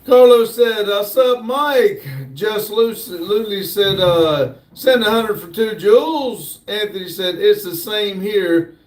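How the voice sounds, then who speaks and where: A man hosting a casual livestream, slowly reading viewer comments aloud in a drawl. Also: high voice. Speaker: livestream host reading chat. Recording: echoey room, distant mic.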